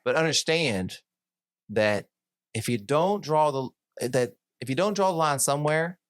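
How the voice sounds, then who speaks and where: A man's voice: a little high, expressive, a little slow, smooth, dry recording, clean studio sound. A man hosting a podcast and coaching his guest in a casual conversation, stopping and restarting with many fillers before he gets to his point. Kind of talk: casual conversation, giving advice.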